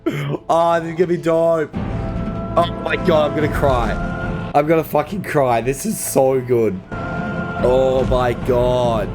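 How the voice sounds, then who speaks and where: A man hosting a movie reaction video, excitable and swearing often, breaking into laughter and shouts. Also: fairly high pitch, takes it slowly. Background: film soundtrack music playing.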